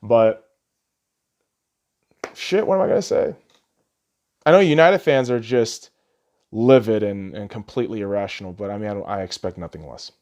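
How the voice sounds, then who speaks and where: A man's voice: on the low side, moderate pace, pauses often. A man hosting a podcast, ranting casually about football, swearing constantly and laughing at his own sarcastic jabs. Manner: rambling with restarts, gets loud when ranting. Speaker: podcast host. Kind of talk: casual profane football rant.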